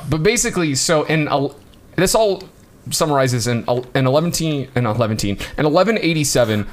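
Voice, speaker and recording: A man co-hosting a casual history podcast, talking loosely with many fillers and frequent laughs. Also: mid-range voice. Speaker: podcast co-host.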